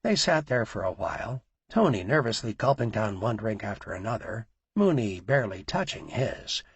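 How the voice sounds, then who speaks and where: A man narrating an audiobook with a raspy, gravelly voice. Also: fairly low pitch, very animated, normal speed, no room sound.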